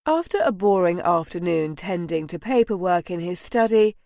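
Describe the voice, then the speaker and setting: A woman narrating an audiobook in a slow, measured, soft reading voice. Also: lowish voice, no echo.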